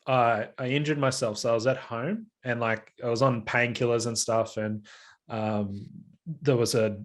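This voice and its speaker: A man's voice: mid-range voice, fairly even intonation, moderate pace. A man, co-hosting a podcast in casual chat, telling stories and acting out the lines of the people in them. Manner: storytelling with acted-out quotes. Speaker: podcast co-host.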